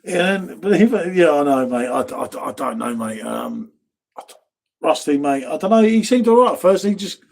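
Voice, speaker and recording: A middle-aged English pub host with a southern accent from near London runs a casual live stream, chatting easily and reading viewer comments. His slightly high, creaky voice is very animated at normal speed, and he says "mate" constantly.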